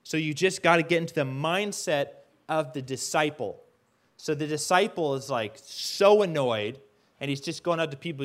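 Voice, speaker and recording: Lively storytelling male preacher, fairly high. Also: normal speed. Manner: animated storytelling, acting out the characters; leads the audience to stand and call out. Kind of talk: casual sermon.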